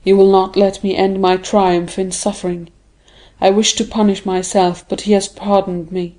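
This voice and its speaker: A woman reading an audiobook, voicing a grave, brooding nobleman in a low, measured tone. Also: level tone, mellow, natural voice. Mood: solemn.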